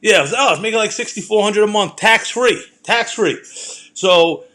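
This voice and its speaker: A man's voice: high voice, quick pace, a bit bright. Profane, heated New man ranting. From Brooklyn, New York. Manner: profane, rambling, heated storytelling. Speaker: podcast host. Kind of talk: casual ranting monologue.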